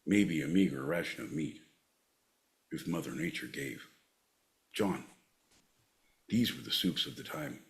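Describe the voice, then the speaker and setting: A man voicing a rowdy, excitable Scottish character with a Scottish accent in an improvised comedy bit, insistently repeating the listener's name. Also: rumbling low, measured pace, gravelly, long pauses, voice pushed down, full character voice. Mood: solemn.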